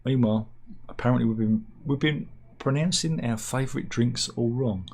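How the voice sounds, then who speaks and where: Husky man, wry comic news chat. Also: mid-range voice, normal speed. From United Kingdom. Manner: wry, deadpan asides and mock outrage. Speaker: satirical news vlogger.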